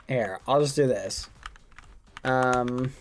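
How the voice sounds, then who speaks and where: A man's voice: mid-range voice, takes it slowly, slight background noise. A man hosting a building game on stream, casually chatting and joking with the players and encouraging them. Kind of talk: casual livestream commentary.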